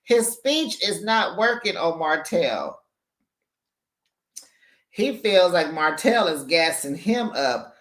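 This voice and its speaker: A recap YouTuber chatting casually about a reality show, laughing often and talking with lively slang into a microphone held back from the mouth. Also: mid-range voice, slow, long pauses, roomy sound. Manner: laughs often, gossipy and animated, uses slang. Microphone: USB microphone held back from the mouth.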